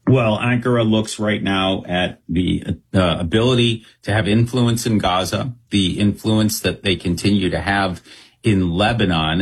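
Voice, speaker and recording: A man speaking as a guest analyst in an interview, talking quickly and steadily with frequent ums and uhs. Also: sits low, breathy edge. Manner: fast, measured, with frequent um and uh. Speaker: Middle East analyst guest.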